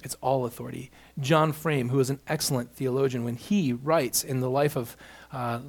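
A man's voice: mid-range voice, fairly even intonation, moderate pace. A man preaching an expository sermon, building emphasis on key points as he walks through scripture. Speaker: pastor.

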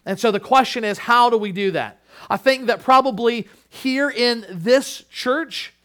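Earnest high-voiced male pastor preaching. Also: measured pace. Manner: earnest, swings from hushed to emphatic, acts out quoted voices. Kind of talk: sermon.

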